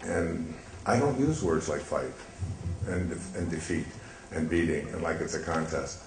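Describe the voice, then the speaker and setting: An older man telling a gentle, meandering story with soft laughs and many fillers. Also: rumbling low, measured pace, gravelly, reverberant, a little hiss or hum, low-quality recording. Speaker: speaker. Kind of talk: reflective storytelling talk.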